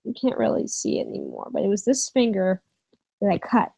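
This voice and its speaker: A young woman vlogger telling a personal story to camera in a candid, animated way, swearing and using fillers as she goes. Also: medium pitch, fairly quick, creaky, noisy background. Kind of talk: casual storytime vlog.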